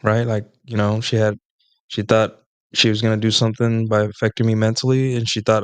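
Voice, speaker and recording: This streamer's low-leaning voice is completely flat and smooth, moving at a moderate pace in a dry recording. Hosting his solo talk show, he rambles through long, boastful dating stories, pausing often to check in with his listeners.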